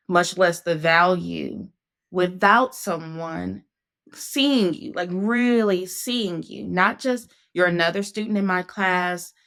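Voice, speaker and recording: A woman's voice: fairly low pitch, a bit bright, clear, resonant tone. A woman hosting a casual conversation, telling her story in an earnest, reflective way. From Northeast Ohio, USA. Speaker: podcast host.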